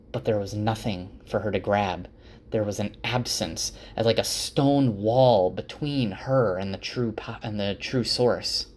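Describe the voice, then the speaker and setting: Man casually retelling a fantasy book. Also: mid-range voice. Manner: conversational, with restarts and fillers. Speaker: storyteller. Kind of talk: casual spoken book summary.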